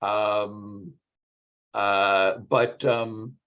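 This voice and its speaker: A man in casual technical conversation, thinking aloud about mathematics, with halting restarts. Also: on the low side, fairly even intonation, fairly bright tone, clean tone. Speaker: mathematician discussing research.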